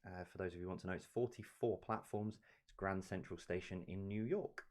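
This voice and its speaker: A man with a low, darkish voice hosts a live-streamed quiz at a fairly quick pace. He reads out each question and its answer, tossing in casual, chatty asides.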